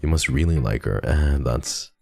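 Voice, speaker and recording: A man's voice: rumbling low, moderate pace, vocal fry, darkish tone, faint music behind. A man reading the lines of a teasing, confident schoolgirl club president in a game.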